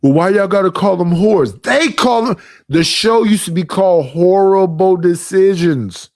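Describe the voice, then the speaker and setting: A man's voice: high-pitched, lively intonation, measured pace, darkish tone, no echo, clean studio sound. A man streaming reaction commentary in a blunt, profane, ranting manner, with speech.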